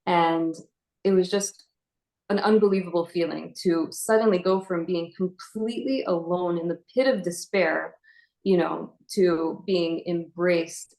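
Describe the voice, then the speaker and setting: Low, gravelly-voiced woman telling her story. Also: a little mellow, rough recording. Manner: earnest, halting retelling with fillers. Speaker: inspirational speaker. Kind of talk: personal testimony speech.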